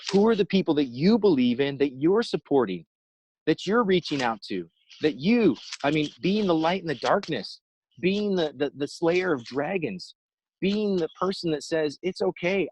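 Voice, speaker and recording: A man giving an inspirational talk over a video call, telling a story in an animated way and acting out the quotes. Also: fairly high pitch, a little hiss or hum, rough recording. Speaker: inspirational speaker.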